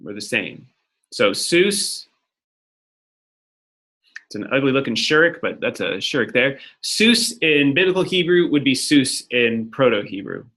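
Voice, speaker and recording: A man's voice: mid-range voice, sing-song, a little slow, fairly bright tone. A man teaching a lecture-style lesson, explaining step by step and often checking in with "right?". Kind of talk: recorded lecture at a whiteboard.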